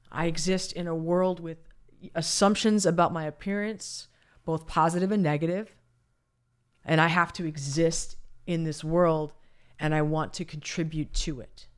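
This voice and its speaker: A woman co-hosting a casual chat, candid and blunt, swearing freely and restarting her sentences. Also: fairly low pitch.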